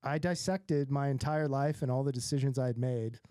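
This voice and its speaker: A man in his forties from Southern California, a podcast guest telling stories about his life in an animated, self-mocking way and acting out other people's lines. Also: medium pitch, brisk, crowd noise. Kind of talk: casual storytelling.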